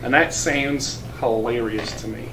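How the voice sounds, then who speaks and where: A man's voice: mid-range voice, a bit bright. Man in his thirties, roomy and distant. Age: 30s. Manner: casual, chatty, with halting restarts. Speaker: teacher. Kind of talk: interview about his career. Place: school building. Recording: roomy and distant with faint noise.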